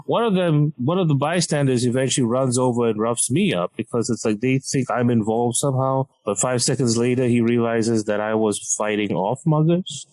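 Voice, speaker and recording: Male comedian, animated self-mocking storyteller, mid-range voice. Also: medium pitch, moderate pace, few pauses, no room sound, low-quality recording. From Malaysia. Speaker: podcast guest, comedian.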